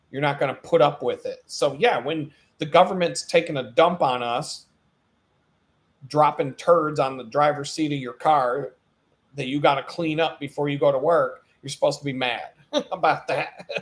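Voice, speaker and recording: A man hosting his own live stream in an animated, profane ranting monologue, laughing at his own jokes as he goes. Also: on the high side.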